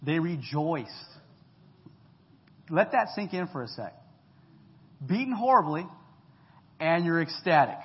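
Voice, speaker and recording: Guy pastor preaching casual and funny, kinda high voice, echoey church hall, dull sound. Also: a little slow, pauses often. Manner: lively, joking, talks straight to the congregation. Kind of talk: conversational sermon.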